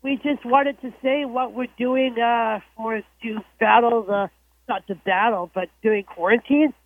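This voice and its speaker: A woman's voice: a little high, fairly even intonation, unhurried, no echo. A woman calling a radio show, chatty and jokey, who often restarts her sentences. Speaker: caller. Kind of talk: casual call-in chat. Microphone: telephone. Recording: tinny phone line, dry.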